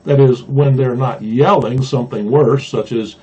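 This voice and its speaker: A man from Mississippi, a pastor, reading a children's storybook aloud with gentle humor, in a dull lo-fi recording. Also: medium pitch, fairly even intonation, moderate pace, hardly any pauses, husky. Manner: gently humorous, chuckling at the jokes.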